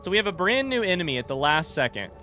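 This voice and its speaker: Jumpy, lively man streaming a horror game. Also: sits high, fast. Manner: jumpy, swearing, panicky outbursts. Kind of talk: live gameplay commentary.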